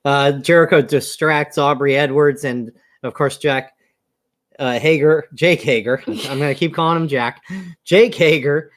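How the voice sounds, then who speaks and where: A man's voice: fairly high pitch, fairly even intonation, measured pace. A man co-hosting a wrestling review show, recapping in an easygoing way with lots of "uh" fillers. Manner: easygoing, many "uh" fillers, chuckles often. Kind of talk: casual review chat.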